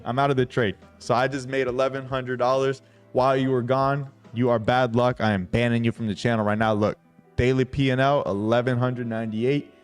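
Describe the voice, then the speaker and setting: A man's voice: medium pitch, fairly even intonation, normal speed, clear, resonant tone, soft background music. A young man hosting a trading livestream, talking brashly to his chat, swearing often and hyping himself up.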